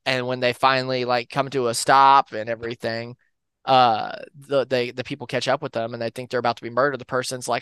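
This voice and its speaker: Man with a smooth, close, dry voice. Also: medium pitch, fairly quick, no echo. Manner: relaxed, rambling with fillers and restarts. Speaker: podcast co-host. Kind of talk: casual storytelling of urban legends.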